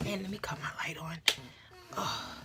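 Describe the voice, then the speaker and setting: A woman's voice: medium pitch, steady tone, normal speed, creaky, background noise. A woman vlogging at home in casual, candid chat, giving blunt opinions and dropping into whispered asides. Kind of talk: casual chatty vlog. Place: at home indoors.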